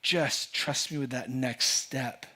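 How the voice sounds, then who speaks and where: Speaking slowly in a husky, sharp-toned voice of medium pitch, a pastor preaches in a church sanctuary. He's earnest and emphatic with the congregation, repeating words and restarting as a point takes shape.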